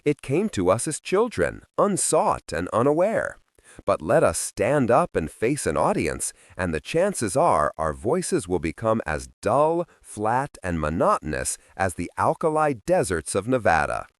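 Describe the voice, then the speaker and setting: Lively low-voiced male audiobook narrator. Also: unhurried, no echo, clean studio sound.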